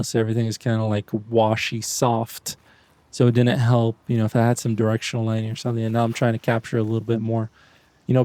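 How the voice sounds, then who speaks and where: A man talks through his photo walk in a loose, joking way, poking fun at himself and playfully daring his viewers. His voice is mellow and relaxed, and it sits close and dry with no room around it. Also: medium pitch, dry recording. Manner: rambling, self-mocking, playful mock-taunting. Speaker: street photography vlogger. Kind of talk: casual joking commentary.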